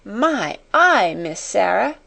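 A woman's voice: a little high, lively intonation, normal speed, pitched above the performer's own voice, close to an everyday voice. A woman voicing a humble young scullery maid girl who speaks in Cockney dialect and sounds awed. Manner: Cockney dialect, dropped h's.

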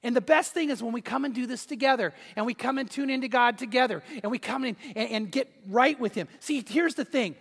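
A man preaching a sermon, telling a story and swinging between loud and hushed delivery. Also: very high-pitched, fairly quick, creaky, hardly any pauses, in a large hall. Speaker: pastor. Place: church hall.

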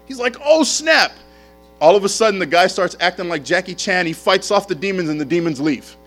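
A male pastor delivering a sermon, swinging into lively, slangy storytelling. His voice sits somewhat high for a man. Faint music plays underneath. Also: quick pace. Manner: animated storytelling with casual slang.

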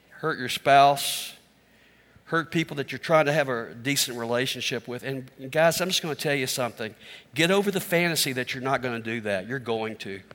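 A man's voice: medium pitch, fairly bright tone, long reverb tail. A middle-aged male pastor preaching a sermon in a candid, self-deprecating, conversational way.

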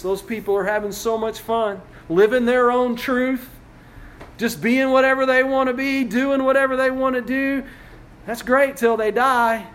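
A male pastor preaching a sermon, retelling a story conversationally with frequent restarts. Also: high-pitched.

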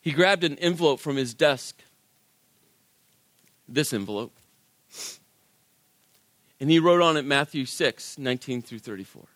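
A man's voice: medium pitch, a little slow, long pauses, dry recording, studio quality. A man, a worship leader, telling a personal story as a sermon and acting out the voices of people in it. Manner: animated, acts out quoted voices.

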